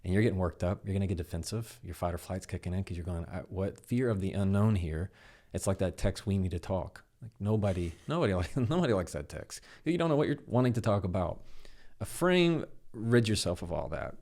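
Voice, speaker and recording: A low-voiced man speaks quickly with vocal fry, appearing as a podcast guest and communication expert. He explains how to handle difficult conversations in a conversational way, animatedly acting out bits of dialogue in quoted voices.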